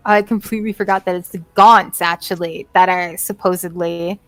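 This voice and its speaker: A woman's voice: fairly low pitch, steady tone, moderate pace, a bit bright, dry recording, soft background music, low-quality recording. A woman running a tabletop role-playing game as game master, narrating casually with fillers and frequent laughs.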